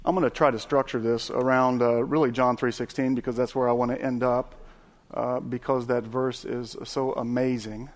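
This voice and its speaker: A man's voice: mid-range voice, moderate pace. Folksy preacher man. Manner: folksy, animated storytelling with many fillers and restarts. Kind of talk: sermon.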